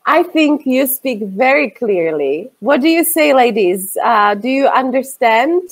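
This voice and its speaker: A woman hosting a casual interview, a teacher who chats in a lively way and talks straight to her viewers. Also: high-pitched, unhurried. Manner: lively, chatty, addresses viewers directly. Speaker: interview host, English teacher.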